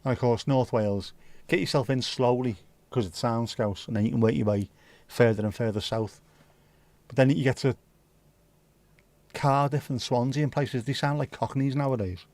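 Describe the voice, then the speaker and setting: A man's voice: mid-range voice, fairly even intonation, moderate pace, pauses often, a little mellow, no room sound. A man hosting a livestream, chatting casually and answering viewer comments in a blunt, opinionated way, swearing freely. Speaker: livestream host.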